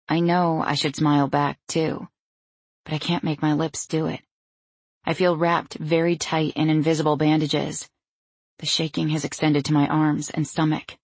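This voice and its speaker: Woman reading an audiobook in first person, gravelly husky voice, wry and anxious. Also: deep voice, little pitch movement, normal speed, no echo. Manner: wry, anxious inner monologue. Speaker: audiobook narrator.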